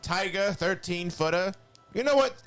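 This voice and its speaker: A man's voice: sits high, expressive, moderate pace, a bit bright, smooth, faint music behind, pitched above the performer's own voice. A man voicing Skeletor, an evil skeletal sorcerer, reading a long dramatic monologue in a nasal, sneering voice. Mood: menacing. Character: evil skeletal male sorcerer, cackling villain.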